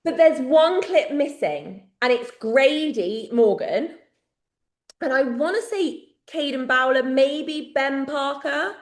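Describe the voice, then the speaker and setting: High-voiced chatty English woman. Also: lively intonation, takes it slowly, roomy sound. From England. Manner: chatty storyteller, laughs often. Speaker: podcast co-host. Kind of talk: casual chat.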